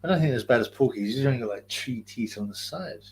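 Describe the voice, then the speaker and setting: Animated and quick, his medium-pitched voice carries a London accent. The Greater London man hosts a casual livestream, rambling in slang and reading out comments from the chat.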